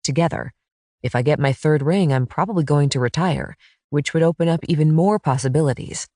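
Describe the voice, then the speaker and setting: Woman voicing a low, sincere male quarterback for an audiobook, dry close recording. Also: fairly quick, mellow, no echo, close to an everyday voice. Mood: earnest. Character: earnest romantic quarterback man, single dad.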